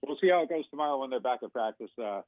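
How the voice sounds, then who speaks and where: A man's voice: mid-range voice, lively intonation, rapid-fire, no room sound. A man, a sports reporter calling in as a guest, talking through his analysis in a loose, rambling way with plenty of fillers. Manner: talkative, rambling with many fillers. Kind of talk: casual phone-in analysis. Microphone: phone. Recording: tinny phone line.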